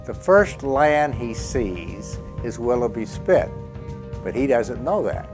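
A man in a documentary interview speaks very slowly and deliberately, walking through events step by step. His voice sits at a middling pitch, with faint music underneath. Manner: unhurried explanatory storytelling with small restarts. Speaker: interviewed expert.

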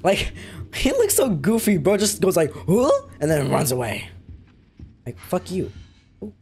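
A man reacting out loud as he plays a horror game, jumpy and foul-mouthed, talking back to the game. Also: high voice, sing-song, a little slow, creaky, slight background noise. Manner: jumpy, swears a lot, talks back to the game. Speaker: gaming video creator. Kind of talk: live reactions while playing a horror game.

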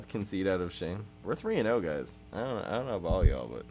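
A young man giving casual, excitable gameplay commentary and teasing banter to his viewers. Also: sits low, normal speed, long pauses, slight background noise. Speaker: streamer. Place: dim room at his parents' home.

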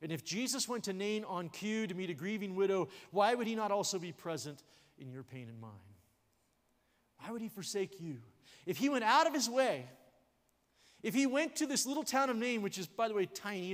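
A man pastor preaching a sermon, animated and jokey, dropping to a hush for weight. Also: high-pitched. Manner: jokey asides. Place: church sanctuary. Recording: long hall reverb in a church sanctuary.

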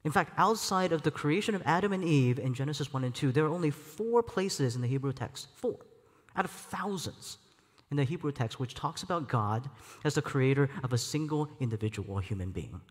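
A man delivers a sermon as a church elder. His voice sits a little high, and he is reflective and candid, with light self-deprecating humor. The sound carries a long reverb, like a large sanctuary. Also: expressive, fairly quick.

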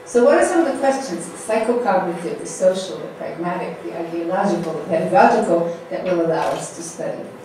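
A middle-aged woman giving a keynote academic lecture, measured and posing rhetorical questions to the audience. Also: fairly low pitch, expressive, a little mellow, a little hiss or hum. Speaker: keynote speaker. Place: lecture hall. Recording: echoey hall, distant mic.

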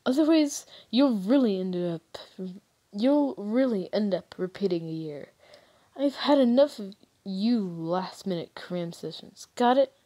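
A woman's voice: mid-range voice, lively intonation, a little slow, warm tone. A woman voicing a polite, formal teenage schoolboy who is the class rep, reading a game's dialogue aloud in a prim, stiff way. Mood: scolding.

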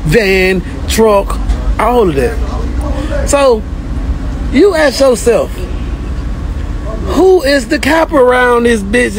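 Brash squeaky-voiced man ranting. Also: lively intonation, slow, long pauses, slight background noise. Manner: brash, repetitive, profane, taunting. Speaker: rapper ranting on a livestream. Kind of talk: boastful livestream rant.

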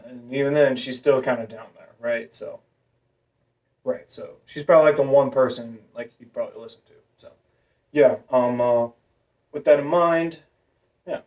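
A vlogger with a masculine voice telling a long personal story in a rambling way, full of fillers and restarts. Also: male voice, medium pitch, normal speed, long pauses, darkish tone, dull audio. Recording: voice a bit far from the mic.

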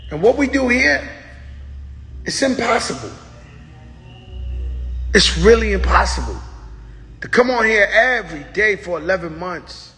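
A man hosts his own talk show and tells stories in a brash, profane, boisterous way. His voice sits fairly high and he takes his time with the words. The sound is roomy, with a long reverberant tail. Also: expressive, a little slow, long pauses, fairly bright tone, faint music behind. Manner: boisterous, profane storyteller who acts out quotes. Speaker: host. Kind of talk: casual monologue to viewers.

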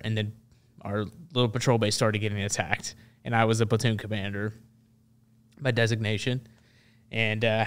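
A man in his thirties, a podcast guest, telling a long story in loose, casual talk. His voice sits slightly low, and he keeps stopping on "like", "uh" and restarts. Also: clean tone. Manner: rambling, heavy on fillers like "like" and "uh". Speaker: guest, Marine veteran.

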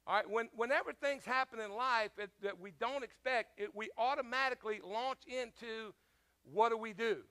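A man's voice: very high voice, moderate pace, few pauses, sharp tone. A man preaching a sermon as pastor, telling a personal story in a conversational way, with frequent fillers and questions to the congregation.

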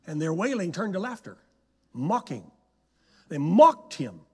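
A male guest preacher tells stories in an animated, dramatic sermon. His husky voice sits high and swings widely in pitch. Long reverb from the church hall trails after his words. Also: unhurried. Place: church sanctuary.

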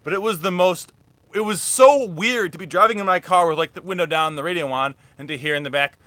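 A man's voice: on the high side, brisk, bright, forceful tone, no echo. A young man rambling casually through a live thrift haul as a reselling vlogger. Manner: rambling, chatty, restarts often.

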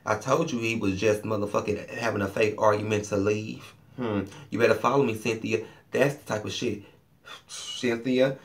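A man giving a sassy, profane recap of a reality show episode, often dropping into low, muttered asides. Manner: sassy, profane, shade-throwing. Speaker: YouTube reality show reviewer. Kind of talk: casual recap commentary.

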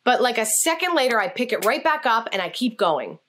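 A woman telling stories in an interview, animated and acting out the voices in her quotes. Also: a little fast, slight background noise. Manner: animated, acts out quotes with big pitch jumps. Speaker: guest, actress and communication coach. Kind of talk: storytelling in an interview.

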